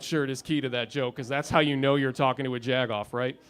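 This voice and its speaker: A man's voice: mid-range voice, fairly even intonation, brisk, few pauses, fairly bright tone, clean tone, some chatter behind. A man in his thirties doing a stand-up comedy set in a club lounge, with a dry, sardonic delivery and punchlines that build up. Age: 30s.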